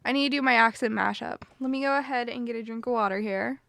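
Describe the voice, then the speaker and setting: A woman's voice: on the high side, fast talker, vocal fry, fairly bright tone, no echo, clean studio sound. A woman in her twenties hosting a charity livestream, chatty and upbeat, often saying "dude". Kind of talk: casual livestream chat.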